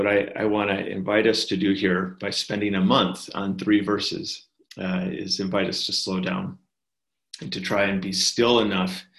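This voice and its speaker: A man giving a sermon as a pastor, talking in a slow, gentle, reflective way with many fillers and pauses. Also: sits low, gravelly. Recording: echoey room.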